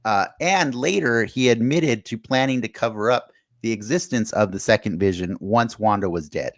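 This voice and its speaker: A man's voice: fairly low pitch, normal speed, dry recording. A man hosting a casual podcast, arguing his points and restarting sentences as others cut in. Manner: argumentative, talks over others with many restarts. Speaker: podcast host.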